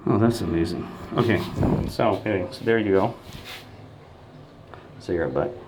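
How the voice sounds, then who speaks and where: Excitable rambling man talking outdoors near traffic. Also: low voice, normal speed. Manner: excitable, meandering, repeats exclamations of disbelief. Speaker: self-described street minister. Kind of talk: rambling casual vlog storytelling.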